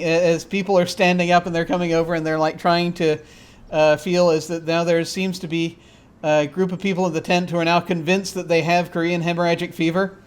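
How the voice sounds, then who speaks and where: A man with a fairly high voice runs a tabletop role-playing session as game master. He describes the scene haltingly, rambling and filling pauses as he goes. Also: clean tone. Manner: halting, rambling, with many fillers.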